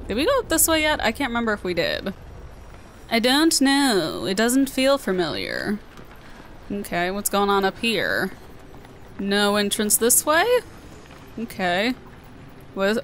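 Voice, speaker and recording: A woman's voice: mid-range voice, a bit bright, slight background noise. A woman with a Southern American accent, giving chatty, playful commentary while she plays a video game. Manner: chatty, playful, talking to herself. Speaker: gaming video host. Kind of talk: let's play commentary.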